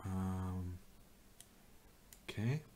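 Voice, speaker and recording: A man's voice: sits low, extremely slow, warm tone. A young man, streaming chess and thinking aloud with wry, self-mocking remarks. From Norway. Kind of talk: live chess commentary.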